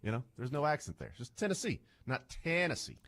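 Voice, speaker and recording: A male sports radio host talks from the studio in an everyday, mid-pitched voice. He is chatty and playful, teasing his co-hosts between segments. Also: fast.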